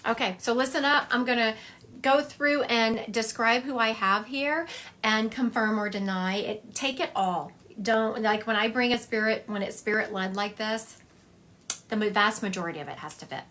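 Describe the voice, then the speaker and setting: A woman's voice: a little high, normal speed, a bit bright, slight background noise. A woman giving a psychic medium reading on a live stream, talking in a chatty, confiding way and thinking aloud as she goes.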